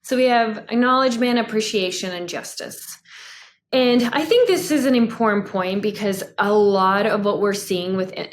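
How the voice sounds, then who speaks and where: A woman psychotherapist in her thirties, a guest in a conversational interview, talking in an animated way with lots of "like" fillers and frequent laughs. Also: medium pitch.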